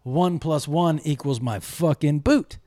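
A man's voice: on the high side, measured pace, warm tone. A middle-aged man telling a comic rant to camera, profane and exasperated as he tells a story.

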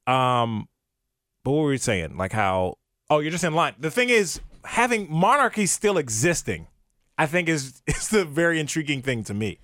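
A man's voice: a little high, lively intonation, moderate pace, fairly bright tone, no echo, studio quality. A man from Maryland co-hosting a podcast, chatting casually and animatedly with lots of restarts. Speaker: podcast co-host. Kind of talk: casual chat.

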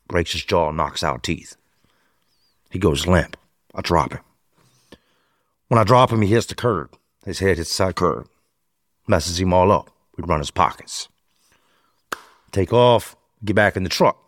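A man recounting his past in a lively storytelling manner, acting out the voices of the people he quotes. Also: lowish voice, no room sound, clean studio sound. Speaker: interview guest.

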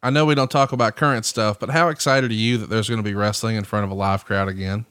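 A man's voice: fairly low pitch, steady tone, quick pace, fairly bright tone, clear, resonant tone, no echo, studio quality. A man hosting a podcast in casual chat, upbeat and teasing as he steers the talk. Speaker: podcast host.

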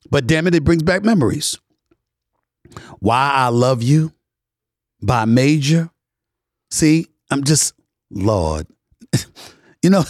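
A middle-aged male host delivers a talk-show monologue in an emphatic, preaching manner. His pitch leaps and dips animatedly, and he drops from loud declarations to near-hushed asides. The sound is dry and close. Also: no echo.

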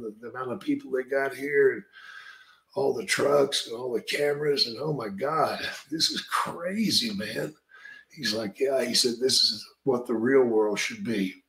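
A man's voice: mid-range voice, fairly bright tone. A man spins a casual story in a loose, drawling way. He swears freely and peppers his talk with "man" and "brother". His voice carries a noticeable echo from the room. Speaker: podcast host and retired wrestler telling stories.

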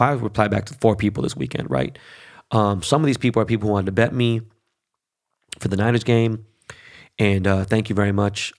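A middle-aged man hosting a show, ranting in a heated, profane casual monologue full of fillers and restarts. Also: mid-range voice. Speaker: show host.

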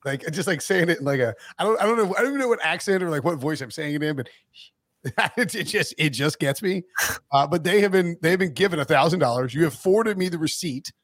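A man co-hosting a sports podcast in casual chat, talkative and quick to laugh, often stumbling over his words. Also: a little high, animated, no room sound, studio quality. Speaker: podcast co-host.

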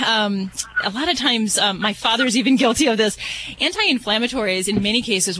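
A woman's voice: medium pitch, sharp tone, low-quality recording. A woman veterinarian answering a caller on the radio in a chatty, hedging way with many ums. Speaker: veterinarian guest. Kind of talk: radio call-in advice.

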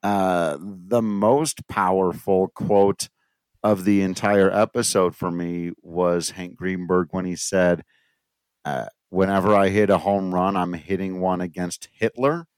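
A man's voice: low-pitched, fairly even intonation, slow pace, clean tone, no room sound. A man co-hosting a podcast, chatting casually with wry jokes and asides. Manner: joking, wry asides, reads from notes. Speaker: podcast co-host. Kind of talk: casual chat.

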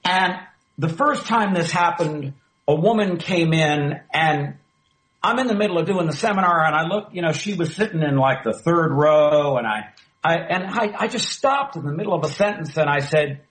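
A middle-aged man, a former talk radio host, telling a story in an interview with emphatic, animated delivery. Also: on the high side, moderate pace, poor audio. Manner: animated, emphatic storyteller who acts out quoted dialogue.

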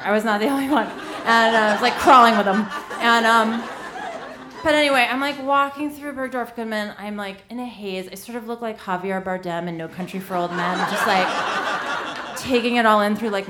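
A woman's voice: mid-range voice, noisy background. A woman in her thirties telling a funny personal story on stage, self-deprecating and full of "like". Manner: comic, self-deprecating, lots of "like". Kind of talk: live storytelling.

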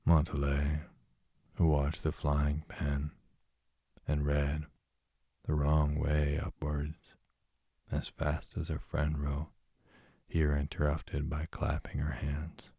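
A man reads a classic novel as a bedtime story, in a very low voice that barely rises or falls. He takes it slowly, and his tone is dark and husky. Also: no echo, studio quality. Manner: slow, soft, even reading. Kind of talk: calm bedtime story reading.

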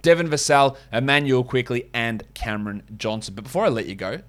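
A man's voice: medium pitch, a little fast, few pauses. A man with an Australian accent hosting a solo sports podcast in a casual, blunt, opinionated way, swearing now and then. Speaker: fantasy basketball podcast host.

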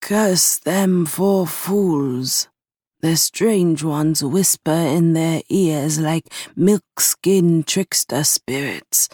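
A woman reading a proud, scornful male ruler in a storytelling podcast, voiced low and unhurried with contempt in every line. The voice sits deep and the delivery is dry and close. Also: dark tone, dry recording, heavily acted. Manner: contemptuous, disgusted.

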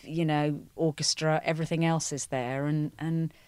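A woman's voice: low-pitched, level tone, moderate pace, darkish tone, smooth, dry recording. A middle-aged woman, a musical theatre performer, chatting as a guest in an interview and telling stories, often saying "you know". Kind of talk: conversational interview.

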